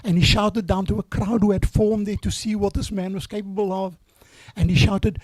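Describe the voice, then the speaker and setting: An older man, hoarse from years of choir singing, giving an earnest, halting eulogy for his granddaughter at a memorial service. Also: high-pitched, level tone, dry recording.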